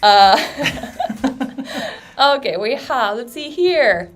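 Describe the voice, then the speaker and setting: A woman's voice: on the high side, lively intonation, slow pace, faint music behind. A woman from Sweden with an American accent, hosting a casual livestream, bubbly and giggly as she reads viewer comments. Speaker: livestream host.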